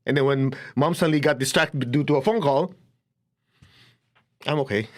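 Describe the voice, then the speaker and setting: A man's voice: fairly high pitch, fast talker. A man teaching a spiritual lecture to an audience, telling stories animatedly, acting out quoted voices and laughing often.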